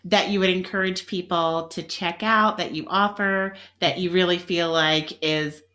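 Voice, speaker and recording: A woman's voice: on the low side, fairly even intonation, unhurried, pushed and bright, muffled recording. A woman hosting an interview, effusive and encouraging as she asks questions. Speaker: host.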